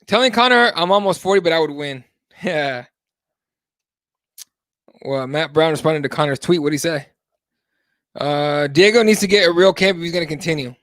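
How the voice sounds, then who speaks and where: A man with a fairly high voice hosts a live MMA talk show. He talks in a loose, animated way and swears freely. His voice is close and dry, with no room sound around it. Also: normal speed, pauses often, no echo. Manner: casual, animated, swears freely, reads chat aloud. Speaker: host.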